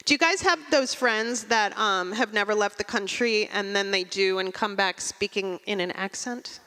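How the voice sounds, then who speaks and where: A woman from Russia performing a stand-up comedy set, with a dry, deadpan, self-mocking delivery. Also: mid-range voice, normal speed, clean tone, big-room sound.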